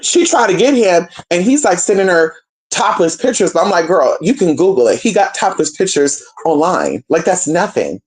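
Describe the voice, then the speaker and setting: A woman's voice: fairly low pitch, big pitch swings, normal speed. A brash, profane woman from Northern California telling a gossipy story and talking straight to her viewers. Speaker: storyteller vlogger. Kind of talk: casual storytime chat.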